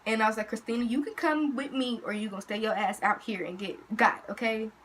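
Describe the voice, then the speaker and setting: A teenage girl telling a story in a casual, slangy, animated way to her vlog audience. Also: a little high, a little fast, slight background noise, low-quality recording. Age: teens. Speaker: vlogger.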